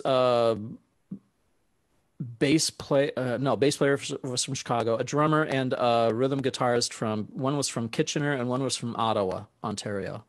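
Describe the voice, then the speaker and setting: A male saxophonist tells stories in a relaxed, animated way, laughing often as he acts out quoted lines. His voice sits at an ordinary middle pitch. The recording is dry, with no room echo. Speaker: guest musician, saxophonist. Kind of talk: casual storytelling.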